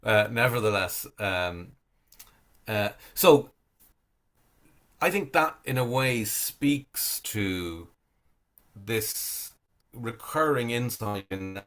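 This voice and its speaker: Give me a middle-aged man with a lower voice, hesitant and reflective, speaking over a video call. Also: expressive, extremely slow, pauses often, a bit bright. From Ireland. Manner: thoughtful, hesitant, many fillers and restarts. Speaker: Zen priest and guest speaker.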